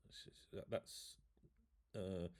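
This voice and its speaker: A man's voice: slow pace, a little mellow. A man from England, chatting casually and swearing freely to his viewers in a rambling, jokey way. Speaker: YouTube host.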